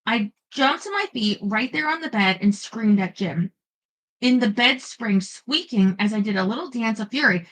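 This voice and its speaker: A woman narrates a first-person paranormal romance audiobook with playful expression, pausing now and then for chatty asides. Her mid-range voice has lively intonation, a moderate pace, and a fairly bright tone, though the recording quality is low.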